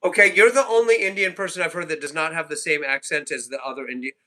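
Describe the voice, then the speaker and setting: Male stream host, sharp bright tone, rambling jokey banter. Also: fairly high pitch, steady tone, fast. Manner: rambling, joking, repeats himself. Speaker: livestream host. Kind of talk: casual group call chat.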